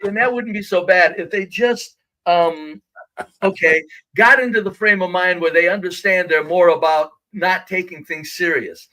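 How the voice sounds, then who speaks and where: Male livestream co-host, high bright voice, blunt and emphatic. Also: fairly even intonation, moderate pace, low-quality recording. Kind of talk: casual live-stream chat.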